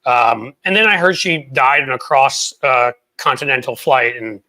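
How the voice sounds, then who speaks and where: A man's voice: mid-range voice, animated, moderate pace, bright, forceful tone. A man in his forties hosting a casual political chat show, blunt and profane, rambling through his stories. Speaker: host.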